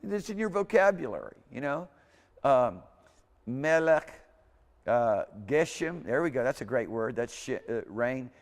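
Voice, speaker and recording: A man's voice: mid-range voice, very animated, unhurried. A man lecturing a class in an informal, rambling way, correcting himself as he goes and repeating words aloud for students. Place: lecture hall. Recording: hall reverb.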